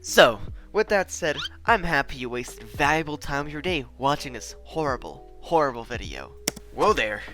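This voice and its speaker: A young man giving scripted, sarcastic comedic narration with deadpan asides. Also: fairly high pitch, normal speed, music in the background. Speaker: channel host and narrator.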